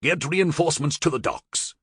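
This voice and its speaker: A man voicing a solemn male master general who gives measured commands. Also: a little high, animated, a bit bright, slightly rough, dry recording, studio quality, pitched above the performer's own voice, full character voice. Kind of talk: audiobook character voice.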